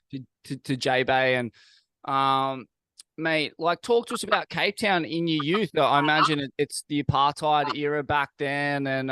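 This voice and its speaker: A mid-pitched man hosts in an easygoing, enthusiastic way, and his questions wander and pile up. The recording is dry, with no room sound. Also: fairly bright tone, smooth, dry recording. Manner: enthusiastic, rambling, laid-back. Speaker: podcast host. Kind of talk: casual interview chat.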